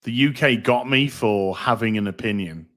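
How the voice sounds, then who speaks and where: A man's voice: lowish voice, normal speed, fairly bright tone. A middle-aged man hosting a casual livestream, rambling, reading out donations and swearing freely. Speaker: livestream host.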